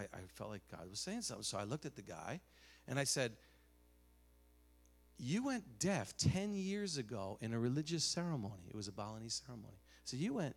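A man preaching a sermon, telling stories animatedly, dropping to a hush and rising loud again, with many restarts. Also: medium pitch, gravelly.

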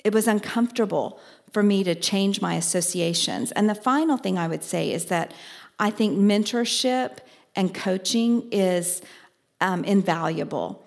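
A woman's voice: mid-range voice, a little slow, creaky. A woman, working as a business life coach, giving a motivational talk and acting out dialogue from her own stories. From Oklahoma. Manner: storytelling, acts out dialogue with lively asides.

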